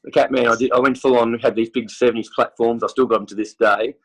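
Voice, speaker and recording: A man's voice: mid-range voice, steady tone, fast talker, slightly rough, low-quality recording. An Australian man with a cold, a podcast guest telling rambling stories in casual chat, full of fillers and restarts. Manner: rambling, chatty storytelling with many fillers. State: has a cold, clears throat. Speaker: interview guest, football superfan.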